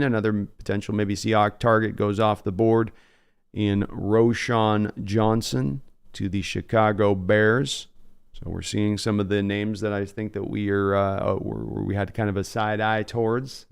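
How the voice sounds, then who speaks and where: A man with a lowish, smooth and clear voice hosting a live draft reaction stream. He talks casually and analytically, mixing player breakdowns with viewer shout-outs. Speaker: host.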